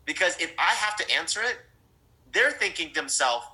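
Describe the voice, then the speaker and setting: A middle-aged man telling a story in a sales training talk. He is animated, often restarts and repeats words, and speaks straight to his audience. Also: high-pitched, moderate pace, poor audio. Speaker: network marketing trainer.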